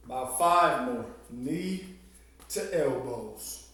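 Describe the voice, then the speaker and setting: An encouraging elementary PE teacher leads a workout, counting down the intervals and winded from the exercise. His voice sits slightly high and he talks slowly. He is heard from a distance in a strongly echoing room. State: out of breath. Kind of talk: coaching a home workout video class. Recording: echoey room, mic at a distance.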